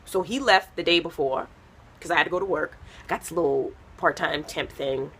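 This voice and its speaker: A woman's voice: low-pitched, moderate pace, fairly bright tone, breathy edge. A woman from a Haitian American family doing a stand-up set, telling rambling stories full of fillers. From United States, Haitian American family. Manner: chatty, rambling storytelling with many fillers. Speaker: stand-up comedian.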